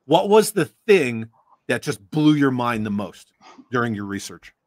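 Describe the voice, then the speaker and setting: A man's voice: medium pitch, very animated, a little slow, dry recording. Chatty male livestream host, dry sound. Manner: chatty, greets viewers from chat. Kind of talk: casual livestream interview.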